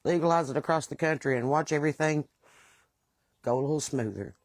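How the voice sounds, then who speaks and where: A woman's voice: low voice, a little fast, a little mellow, no room sound. A middle-aged woman with a West Virginian accent, hosting a casual monologue and talking in a blunt, plain-spoken, aggravated way. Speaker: host.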